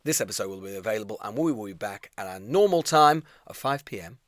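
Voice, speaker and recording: A man co-hosting a news podcast, rattling off a rambling story at speed. His pitch leaps and dips all over the place as he piles on filler words. The studio sound is close and dry. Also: lively intonation, fast talker, dry recording. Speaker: podcast co-host. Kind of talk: casual live Q&A chat.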